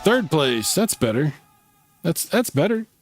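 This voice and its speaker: A man's voice: on the high side, big pitch swings, measured pace, faint music behind. Chatty man hosting a gaming livestream. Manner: chatty, reads viewer comments aloud and reacts. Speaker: livestream host. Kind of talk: casual live gaming stream chat.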